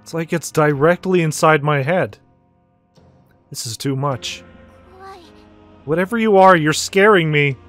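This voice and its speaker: A man's voice: fairly high pitch, a little slow, pauses often, a bit bright, soft background music. A man reading the lines of a frightened teenage girl priestess in a video game, nervous and questioning.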